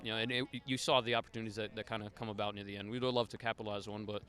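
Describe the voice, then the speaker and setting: A man coaching soccer talks fast in a post-game interview at the field. His voice is bright but getting worn from a game of shouting, and his answers ramble along with plenty of fillers. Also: fairly low pitch, flat delivery. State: losing his voice. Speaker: high school soccer coach.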